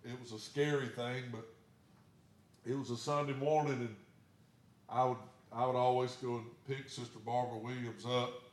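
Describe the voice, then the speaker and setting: A man's voice: medium pitch, flat delivery, moderate pace, reverberant. A man, a pastor telling a story in a sermon in a plain, folksy way. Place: church sanctuary.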